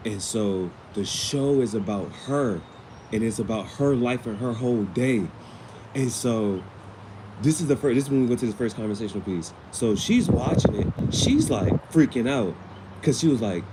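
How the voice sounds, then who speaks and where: A man's voice: mid-range voice, expressive, moderate pace, very noisy. A man casually recapping a TV episode in slangy, rambling speech with many restarts. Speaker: vlogger.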